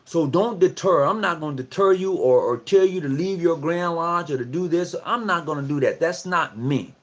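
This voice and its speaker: Talking at a normal speed in a fairly high voice, this man lectures his lodge brothers over a livestream. He keeps it casual and conversational but slips into preachiness, repeating phrases and posing rhetorical questions to his fellow Masons.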